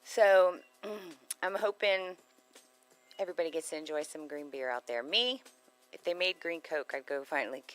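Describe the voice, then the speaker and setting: A woman's voice: deep voice, normal speed, rough recording. A woman co-hosting a casual radio chat show, rambling, giggly and easily sidetracked. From Texas.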